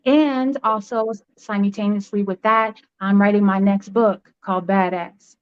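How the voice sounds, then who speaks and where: A woman's voice: mid-range voice, fairly even intonation, unhurried, smooth. Earnest grandmother guest, slightly dull audio. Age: older. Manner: earnest, emphatic advice. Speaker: guest entrepreneur and author.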